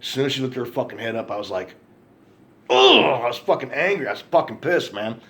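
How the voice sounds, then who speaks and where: A man's voice: medium pitch, expressive, fast, a bit bright. A man telling an angry, profane story to camera in a ranting monologue, repeating himself for emphasis. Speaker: vlogger.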